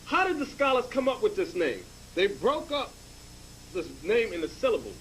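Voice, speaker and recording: A man's voice: high-pitched, wildly swooping pitch, moderate pace, a bit bright, a little hiss or hum, poor audio. A man teaching in a lecture style, emphatic and checking in with the class by asking "okay?".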